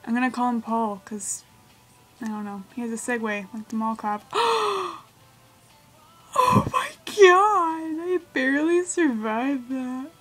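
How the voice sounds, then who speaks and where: High-voiced woman yelping through a game. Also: normal speed, soft background music, low-quality recording. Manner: yelps and squeals at the game. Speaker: gamer. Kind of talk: let's play commentary.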